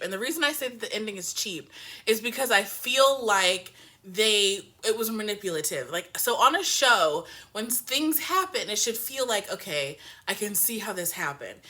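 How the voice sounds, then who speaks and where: Animated woman ranting in a bright voice. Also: medium pitch. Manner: animated, profane, rambling rants. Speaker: TV show reviewer. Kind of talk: casual reaction review.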